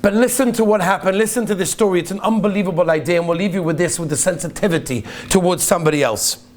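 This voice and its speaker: Male rabbi, sermon storyteller, earnest and emphatic, slightly high pitch. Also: fast talker. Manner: earnest, emphatic, repeats key phrases. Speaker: rabbi giving a talk.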